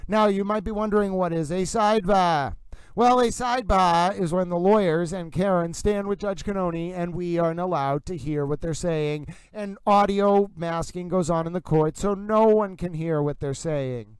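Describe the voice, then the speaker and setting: Pompous high-voiced male livestream host. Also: smooth, no echo. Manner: pompous, drawn-out announcer delivery. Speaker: livestream host covering a trial. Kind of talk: mock-grandiose sports-announcer livestream patter.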